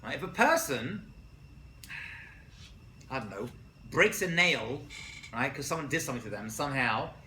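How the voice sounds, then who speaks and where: Animated male rabbi lecturing a class. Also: medium pitch, normal speed, pauses often, echoey room, slight background noise. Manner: jokey, asks the class questions. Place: college lecture room.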